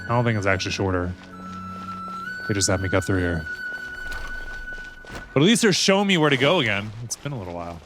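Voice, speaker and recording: A man's voice: lowish voice, expressive, a little fast, pauses often. A man casually commenting while he plays a video game, joking and talking back to the characters on screen. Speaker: streamer. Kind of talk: casual let's-play commentary. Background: game audio and music.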